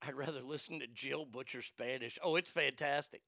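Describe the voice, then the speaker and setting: A man's voice: medium pitch, moderate pace, creaky, pushed and bright, no room sound, clean studio sound. A man hosting a talk show in casual chat, blunt and profane, rambling with frequent restarts. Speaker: podcast host.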